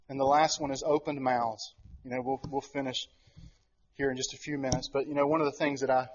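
A middle-aged man preaching a sermon as pastor, telling a family story with animated, acted-out quotes. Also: mid-range voice, brisk, muffled recording.

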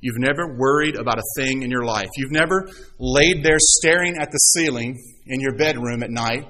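Bright-voiced male pastor preaching. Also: mid-range voice, normal speed, a little hiss or hum, rough recording. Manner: conversational, playfully acts out quoted voices. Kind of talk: sermon.

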